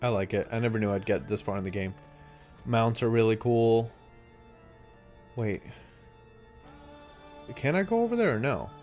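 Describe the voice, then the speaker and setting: A man's voice: fairly low pitch, animated, moderate pace, pauses often, a little mellow, soft background music. A young adult man streaming a game, chatting casually and reacting aloud to what happens on screen. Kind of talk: casual live-stream chat while gaming.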